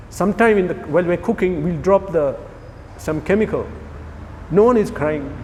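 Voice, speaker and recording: A man gives a lively scripture class, firing questions at his listeners and joking along the way. His voice sits a little high. The sound has a long hall echo, with faint traffic noise behind it. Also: normal speed. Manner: animated, rhetorical questions, jokes with listeners. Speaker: spiritual teacher.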